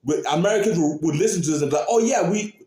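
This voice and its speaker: A man hosting a reaction video, talking casually and excitedly to his viewers and repeating his points. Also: high-pitched, fast. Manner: animated, repeats phrases, talks to viewers. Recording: roomy echo.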